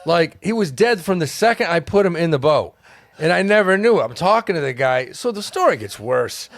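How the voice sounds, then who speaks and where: A man telling a long story as a podcast guest, animated and profane, laughing as he goes. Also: a little high, moderate pace, vocal fry. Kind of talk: casual storytelling. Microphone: studio mic.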